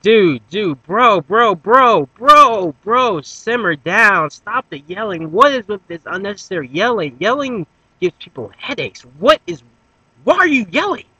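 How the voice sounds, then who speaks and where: A man's voice: sits high, sing-song, a little slow, pushed and bright, husky, dry recording, highs cut off, voice pushed up, full character voice. A man voicing a sleepy, laid-back young slacker who questions in a drawling, mock-formal way. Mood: annoyed.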